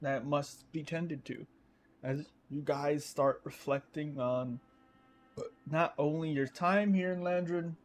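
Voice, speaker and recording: Slow-paced man narrating a tabletop game. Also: fairly high pitch, fairly even intonation, a little hiss or hum. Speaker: game master.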